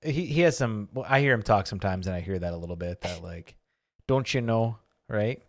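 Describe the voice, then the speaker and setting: A man's voice: deep voice, lively intonation, fast talker, no echo, studio quality. A man hosting a casual podcast, talking loosely and jokingly and often restarting his sentences. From Michigan, USA. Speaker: podcast host.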